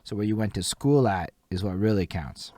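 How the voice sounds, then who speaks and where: A man's voice: lowish voice, normal speed, warm tone, no room sound. A man hosting a streamed interview, chatty and eager, reacting to the guest and to his live chat. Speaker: host. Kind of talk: casual interview talk.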